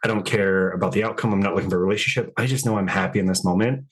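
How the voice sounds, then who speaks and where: A man who works as a dating coach chats loosely on a podcast in a low voice. His tone is husky and full of casual fillers. He often acts out imagined conversations with clients. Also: very fast.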